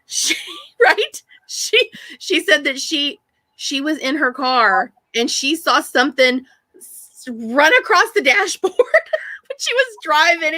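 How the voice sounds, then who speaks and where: A woman's voice: high voice, bright, forceful tone, no echo. A woman hosting a live stream, telling rambling stories in casual chat with lots of restarts. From Texas. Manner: chatty storyteller, rambling with many restarts.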